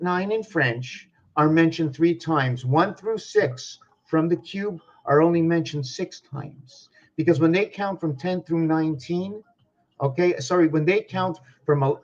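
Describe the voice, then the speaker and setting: A man talks through a spiritual monologue at a very slow, ponderous pace, often stopping to ask himself questions aloud. His voice sits a little high, and the recording sounds dull and lo-fi.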